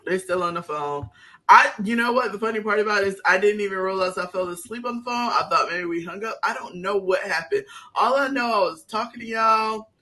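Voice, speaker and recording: Bright-voiced woman telling a rambling story. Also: medium pitch, fairly quick. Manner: rambling storyteller, laughs often. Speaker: podcast co-host. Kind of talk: casual chat among friends.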